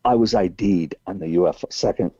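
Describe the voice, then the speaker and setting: Man in his sixties, New England accent, rambling storyteller, mellow voice, muffled dry lo-fi audio. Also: deep voice, fairly quick, husky, no echo. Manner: rambling, full of restarts and acted-out quotes. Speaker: podcast guest. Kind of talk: storytelling interview.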